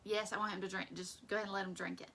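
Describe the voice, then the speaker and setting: Speaks as a woman playing a hesitant young man who talks in casual, everyday phrasing. The tone is bright and crisp, and it carries a gravelly edge. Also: medium pitch, level tone, very fast, slight background noise. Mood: insistent. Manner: casual modern phrasing in an ancient setting. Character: young adult man, hesitant but obedient.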